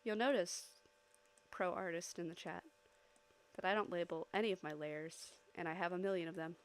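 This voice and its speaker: A woman streaming live while she draws, chatting casually with her audience, giggling often and bursting into loud, excited squeals. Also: lowish voice, moderate pace.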